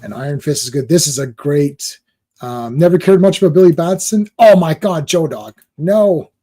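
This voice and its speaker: A Canadian man chats casually on a comic book podcast, rambling from one joke to the next. His voice sits a little high but sounds dark and mellow. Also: normal speed. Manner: rambling, jokey, tells anecdotes with quoted voices. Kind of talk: casual chat.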